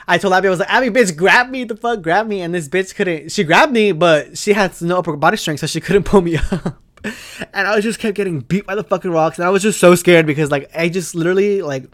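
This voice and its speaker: A young man with a fairly high voice tells a wild story from his own life, cursing freely and rambling through the details. He talks casually, like he's on a solo podcast, and builds up the drama as he goes. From Arizona. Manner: profane, rambling, dramatic retelling. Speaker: podcast host.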